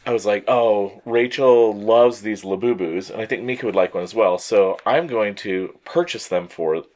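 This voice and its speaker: A man's voice: fairly low pitch, moderate pace. A man co-hosting a toy show, telling a story in casual chat with a stuffy, allergy-congested voice and acting out other people's reactions. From Colorado. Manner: animated storytelling, mimics others.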